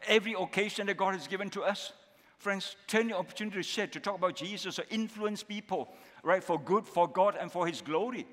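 A male pastor with a Malaysian accent preaches a sermon in a high, brisk, slightly bright voice, and the recording carries a long reverb tail. He is emphatic and repetitive, often ending points with tag questions like "isn't it?" and "okay?"

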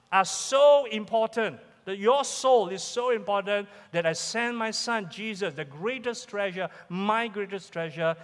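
A pastor with a Malaysian English accent preaches an emphatic sermon in a church sanctuary, repeating his key questions. His high, slightly bright voice rings out in a large hall.

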